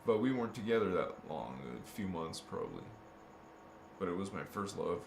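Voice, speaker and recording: A man's voice: low voice, lively intonation, moderate pace, vocal fry. A man talking casually to his viewers in a meandering monologue, often restarting and repeating words. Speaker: spiritual vlogger. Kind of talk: rambling casual monologue to camera. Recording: echoey room with faint background noise.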